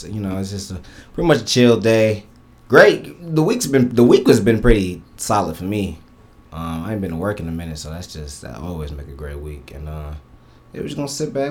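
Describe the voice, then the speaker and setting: A man's voice: lowish voice, a little hiss or hum. A man hosting a casual podcast with friends, loose and laid-back, often trailing off mid-sentence. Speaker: podcast host.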